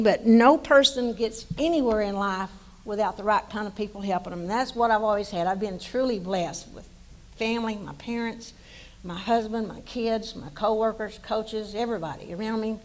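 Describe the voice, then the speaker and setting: A woman's voice: a little high, darkish tone, rough recording. An older woman with an East Texas accent, a former coach giving a folksy, rambling acceptance speech at a banquet and telling stories with many restarts. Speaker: hall of fame inductee, former coach.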